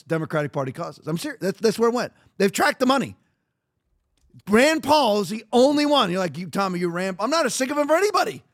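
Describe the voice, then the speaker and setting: A man's voice: very high-pitched, a bit bright, no echo, clean studio sound. A man hosting a podcast, talking in a fired-up casual monologue, repeating figures and often restarting his sentences. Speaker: podcast host.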